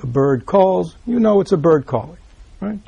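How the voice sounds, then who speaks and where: A man with a husky, gravelly voice gives a dharma talk, pitched a little higher than most men. His tone is mellow, and he often stops to check that the listeners follow him. The sound is dry and close. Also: lively intonation, moderate pace, dry recording. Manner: keeps checking in with "right?", repeats himself, drops into soft asides. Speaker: Buddhist teacher. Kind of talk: dharma talk explaining a read-aloud text.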